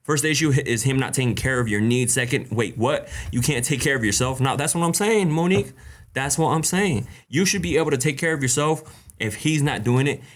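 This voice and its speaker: A man in his own everyday voice hosts a casual live stream, talking straight into a close mic. He is animated and blunt, laughs often, and breaks off to greet people in the chat. His pitch sits right in the middle for a man. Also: brisk. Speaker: live Q&A host reading viewer questions.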